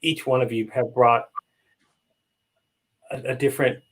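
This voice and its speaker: A man hosting a live online roundtable, thanking his guests and viewers with effusive, heartfelt warmth. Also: mid-range voice, fairly even intonation, a little slow, rough recording. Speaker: host.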